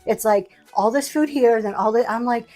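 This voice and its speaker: A woman's voice: a little high, normal speed, a little mellow, faint music behind. Chatty, sassy woman livestream host. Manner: chatty, sassy, laughing asides. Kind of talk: casual chat.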